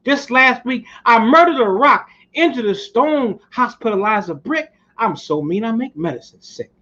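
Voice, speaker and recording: A man's voice: very high voice, animated, normal speed, bright, forceful tone, exaggerated voice. A man impersonating a boastful, defiant heavyweight boxer who taunts with rhyming brags. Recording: muffled lo-fi recording.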